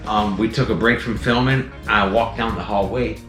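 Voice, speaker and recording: In an indoor snake room with music in the background and a reverberant sound, a man with a lowish voice speaks at normal speed with fairly even intonation. He's a venomous snake keeper and channel host giving a casual, rambling tour of his snakes with commentary, chatty and full of "um" and "let me tell you."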